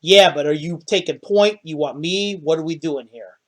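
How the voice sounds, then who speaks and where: Fairly high-voiced male game master. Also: moderate pace. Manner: questioning, prompting players. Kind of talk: narrating a tabletop game.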